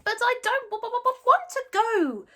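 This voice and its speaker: A woman's voice: very high-pitched, big pitch swings, moderate pace, pushed and bright, pitched above the performer's own voice, heavily acted. A woman voicing a small, stubborn, sulky male dragon who stammers on his words, in a storybook reading.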